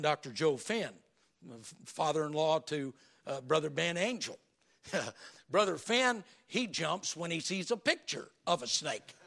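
A man preaches from the pulpit, his high voice raspy and gravelly as he tells folksy stories. His tone is bright and a little strained, and he keeps it animated throughout. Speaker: pastor. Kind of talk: sermon.

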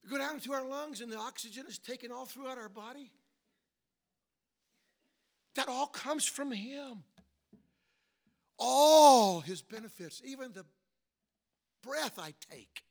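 A middle-aged male pastor with a notably high voice delivers a sermon. He fires rhetorical questions at the congregation and drops frequent amens. His volume swings between hushed asides and loud, stretched-out emphasis. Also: normal speed, vocal fry, long pauses.

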